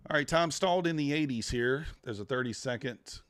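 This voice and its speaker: Day trader groaning through a live stream. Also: male voice, medium pitch, a little fast, fairly bright tone, no echo. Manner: talks to himself and chat, groans at losses. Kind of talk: casual live-stream chat.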